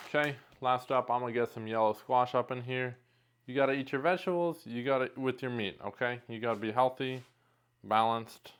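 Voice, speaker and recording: A man's voice: medium pitch, fairly bright tone, slight background noise. A man chatting casually in his home kitchen while he cooks, joking and rambling with mock confidence and poking fun at himself. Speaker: home cook vlogger. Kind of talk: casual cooking vlog.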